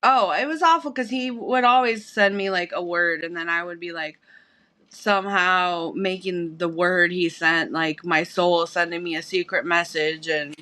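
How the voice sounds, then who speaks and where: Woman, podcast co-host, bright sharp voice, casual chat, frank, swears casually. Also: fairly low pitch, unhurried. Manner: frank and candid, drops casual swearing, laughs easily.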